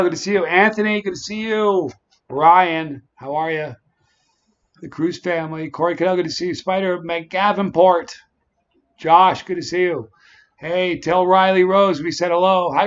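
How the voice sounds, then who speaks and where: Man, a touch high-voiced, chatty stream host, dull lo-fi audio. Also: steady tone, a little slow, long pauses, smooth. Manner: chatty, greets viewers by name. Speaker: livestream host. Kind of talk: casual livestream chat.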